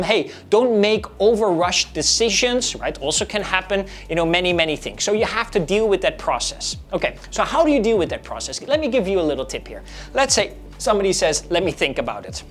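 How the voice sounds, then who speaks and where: Lively woman coaching real estate sales. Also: on the low side. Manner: lively, coaching, acts out both sides of sales conversations. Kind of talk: instructional talk with role-played client dialogue.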